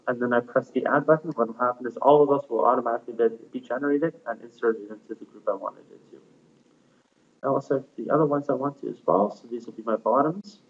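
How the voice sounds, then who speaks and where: Guy doing a software screencast walkthrough, mid-pitched, lots of uh's, sounds like a tinny phone line. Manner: plain, step-by-step with frequent fillers. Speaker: software tutorial presenter.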